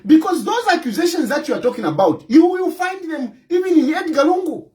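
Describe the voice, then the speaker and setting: A man's voice: very high-pitched, big pitch swings, moderate pace, darkish tone, low-quality recording. A man with a Zambian accent, delivering impassioned political commentary in a scolding, combative tone and repeating his points for emphasis. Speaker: opposition party president.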